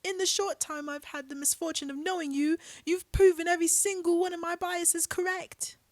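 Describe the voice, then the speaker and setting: A woman voicing a furious young woman in a put-on British accent, shouting theatrical insults. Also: very high-pitched, fairly even intonation, moderate pace, no room sound, voice pushed up.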